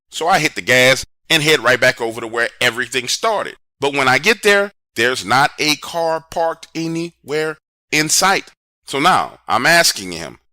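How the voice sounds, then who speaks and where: A man telling a first-person scary story in an animated, conversational way, with dramatic pauses. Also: medium pitch, no echo, clean studio sound. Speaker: horror storyteller.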